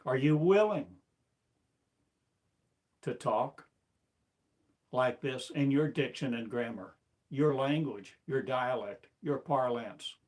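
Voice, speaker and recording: Speaking at a medium pitch, an American spiritual teacher delivers a sermon. His style is slow and declamatory, built on a rapid series of rhetorical questions.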